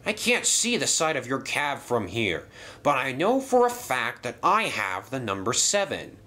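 A man's voice: mid-range voice, wildly swooping pitch, a little slow, pushed and bright, full character voice. A man voicing a stubborn male toy engine who insists and brushes others off. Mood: insistent. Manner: insistent, dismissive. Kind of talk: toy train story voice acting.

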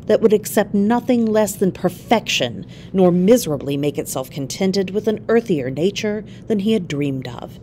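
Expressive woman reading a classic story. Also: on the low side, a little hiss or hum. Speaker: reader.

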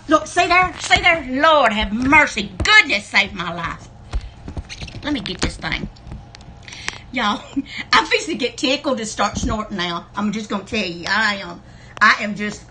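A high-pitched woman runs a live online sale. Her bright, forceful voice chats folksily as she greets viewers by name. Faint room noise sits behind her. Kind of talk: livestream chat. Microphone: camera on a wobbly tripod.

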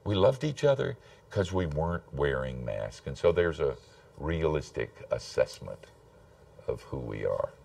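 A man's voice: a bass voice, very animated, unhurried, creaky, darkish tone, distant mic. An older man, telling stories in a folksy, self-deprecating sermon. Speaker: preacher. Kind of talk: storytelling sermon.

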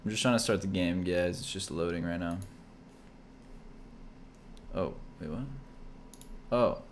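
A man who makes gaming videos, talking casually with a friend on a voice call and blurting out short, excitable reactions. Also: deep voice, a little slow, slight background noise. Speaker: gaming YouTuber and streamer.

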